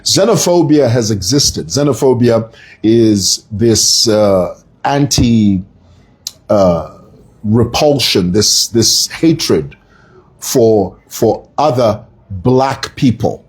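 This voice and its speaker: Husky, animated Zambian commentator. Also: male voice, lowish voice, very slow. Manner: emphatic, storytelling, rhetorical. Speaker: online commentator. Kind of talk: opinion monologue.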